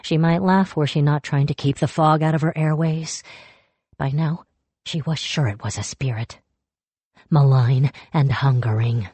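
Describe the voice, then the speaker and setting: Low, mellow woman narrating a story. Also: a little slow, breathy edge, dry recording. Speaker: audiobook narrator. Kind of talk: scripted narration.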